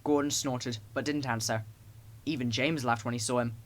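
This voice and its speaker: A man narrating children's stories as an audiobook, in an expressive storytelling way. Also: mid-range voice, normal speed.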